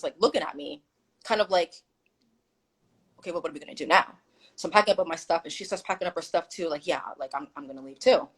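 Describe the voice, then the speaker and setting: A woman's voice: deep voice, husky, poor audio. A woman guest on a live stream telling a story animatedly and emphatically, quoting what people said. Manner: animated, emphatic retelling with quoted dialogue. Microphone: phone or video call.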